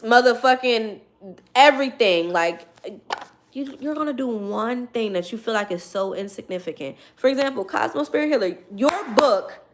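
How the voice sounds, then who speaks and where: Emphatic tarot-reading woman, slightly high voice. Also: slight background noise. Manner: emphatic, repetitive, preachy pep talk with cursing. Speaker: tarot reader. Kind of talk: casual tarot reading to camera.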